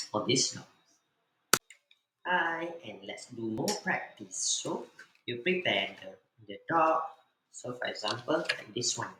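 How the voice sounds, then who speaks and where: Slow, patient teacher man. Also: mid-range voice. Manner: slow, patient, spells out letters one by one. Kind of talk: instructional demo for parents. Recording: echoey room with loud background noise.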